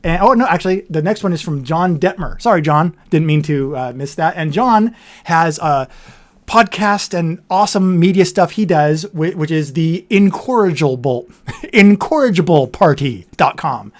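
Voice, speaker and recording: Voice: mid-range voice, animated, moderate pace. A livestream host of a board game show, chatting casually and rambling with frequent self-corrections. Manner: says their voice turns nasal on camera.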